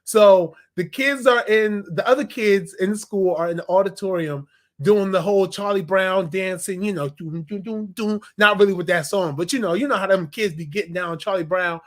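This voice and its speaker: A young man in a casual review vlog, animated and slangy, laughing as he retells scenes. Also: sits high, moderate pace. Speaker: TV episode reviewer.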